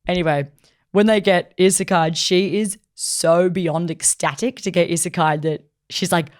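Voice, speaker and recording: Brief: woman podcast co-host, low voice, lively casual storyteller, fond of "like". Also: moderate pace. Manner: animated storytelling, acting out characters' lines with lots of "like". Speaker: podcast co-host reviewing anime. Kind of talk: casual chat.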